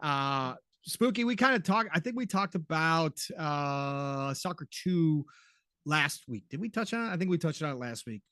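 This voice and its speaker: A man's voice: fairly high pitch, expressive, moderate pace, a bit bright, dry recording, clean studio sound. Teasing, jokey man on a podcast. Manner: teasing, jokey, laughs often. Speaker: podcast co-host. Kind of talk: casual gaming podcast chat.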